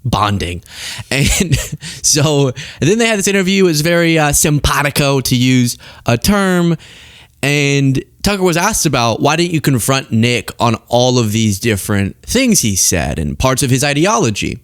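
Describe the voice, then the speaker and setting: A man's voice: mid-range voice, sing-song, measured pace, no room sound, studio quality. A man hosting a political commentary show, talking sarcastically and mocking the clips he reacts to. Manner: mocking, jumps into exaggerated impressions.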